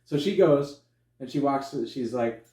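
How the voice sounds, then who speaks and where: A man in casual conversation, rambling through a film's plot with lively acted-out bits and plenty of swearing. His voice sits at an ordinary middle pitch. The recording picks up a roomy echo. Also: unhurried. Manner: animated retelling, acts out characters with sudden high yelps, swears freely. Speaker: podcast co-host. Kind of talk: casual movie review chat. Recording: echoey room.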